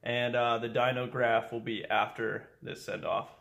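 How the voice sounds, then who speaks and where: A young man hosting a casual car vlog, talking excitedly and swearing casually. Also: mid-range voice, measured pace, vocal fry, dry recording. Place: outdoors at a garage and dyno shop.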